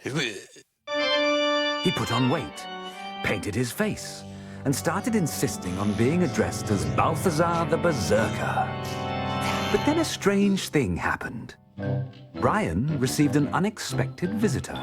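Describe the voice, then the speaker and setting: A man narrates a dark fairy tale in rhyme, taking his time over each phrase. His voice swoops through a wide range. A film score plays clearly behind him. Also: on the low side, sing-song. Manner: slow, dramatic rhyming storytelling. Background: orchestral music.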